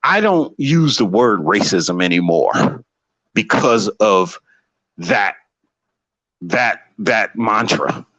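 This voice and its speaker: A man talking casually on a live stream, animated and heated, repeating himself as he makes his point. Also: lowish voice, slow, no room sound, dull audio. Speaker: guest on a live show.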